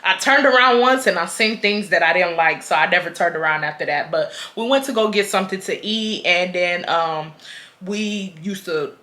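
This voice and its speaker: A woman in her twenties from Houston telling a storytime vlog in casual chat, animated and acting out what people said. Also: on the low side, normal speed. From Houston, Texas. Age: 20s. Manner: animated, quotes people, switches between laughing and getting fired up. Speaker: vlogger.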